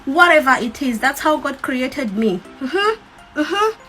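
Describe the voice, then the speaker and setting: A woman's voice: high voice, very animated, measured pace, sharp tone, faint music behind. A young woman, speaking defiantly and emphatically to her followers, repeating herself. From Uganda. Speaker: TikTok creator. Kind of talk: defiant talk to camera.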